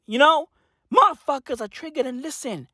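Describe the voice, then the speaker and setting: High, animated young man ranting. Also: moderate pace, background noise. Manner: loud, animated, slangy, swears a lot. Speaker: vlogger. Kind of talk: profane comic rant.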